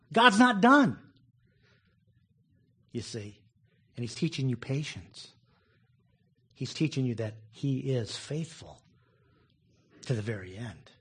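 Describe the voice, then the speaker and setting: A man's voice: mid-range voice, very animated, slow pace, long pauses, a bit bright, husky. A man preaching a conversational sermon, chuckling often and acting out people's complaints. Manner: conversational, laughs often, acts out quoted complaints.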